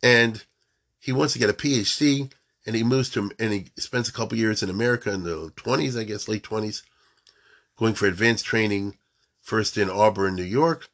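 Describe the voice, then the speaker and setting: A man's voice: on the low side, normal speed, a bit bright. A man giving an informal storytelling lecture, mixing in Hebrew and Yiddish terms and often checking that his listeners follow.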